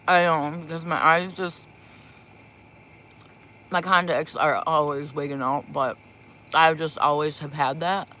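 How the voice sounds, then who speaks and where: A woman's voice: sits low, a bit bright. A woman chatting casually on a livestream before giving spiritual readings, rambling and giggling as she talks into a propped-up phone in a small room. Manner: rambling, giggly, slow talker.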